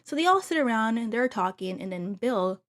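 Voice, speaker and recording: A woman's voice: a little high, animated, a little fast, a bit bright. A woman hosting a casual gossip recap of a reality show, chatting to viewers with gushing asides. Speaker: TV recap host.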